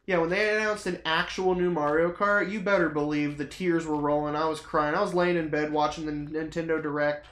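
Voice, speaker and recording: Streamer, casual chat over gameplay; profane, theatrical ranting, middle pitch; roomy echoey room. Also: fairly even intonation, normal speed, fairly bright tone. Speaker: streamer chatting to viewers. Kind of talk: casual rambling chat while playing a game.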